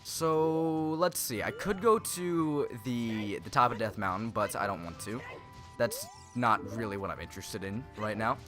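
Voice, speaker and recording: A man's voice: mid-range voice, expressive, a little slow, music in the background. A young man hosting a let's play, giving rambling, self-correcting casual commentary on a video game.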